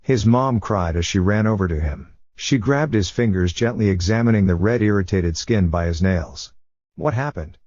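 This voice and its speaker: A man narrating a fiction story in a steady storytelling manner. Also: on the low side, moderate pace, few pauses, no echo. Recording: dull dry lo-fi recording.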